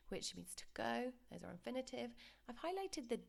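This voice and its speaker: A woman teaching a lesson over slides, explaining pronunciation patiently and modelling words slowly for repetition. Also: medium pitch, lively intonation, gravelly. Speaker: Spanish teacher. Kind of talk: recorded classroom lesson.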